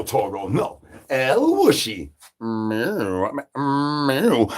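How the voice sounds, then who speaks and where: A man live-streaming in a zombie persona, rambling through silly catchphrases with sudden jumps in pitch. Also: fairly bright tone. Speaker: livestreamer in zombie character. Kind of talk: absurd live-stream banter.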